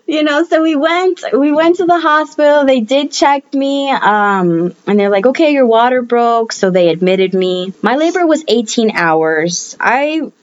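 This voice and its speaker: A woman's voice: fairly high pitch, expressive, a little slow, no echo. A young woman co-hosting a casual chat, telling her birth story frankly and acting out what people said. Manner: frank storyteller, acts out quotes, laughs at herself. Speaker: podcast co-host. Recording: dull lo-fi sound.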